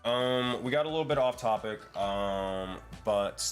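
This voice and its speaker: Low-voiced man thinking aloud on a call. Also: measured pace, faint music behind. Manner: rambling and thinking aloud, many fillers. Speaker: community project lead and dungeon master. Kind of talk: casual planning chat in an online meeting. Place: online voice call.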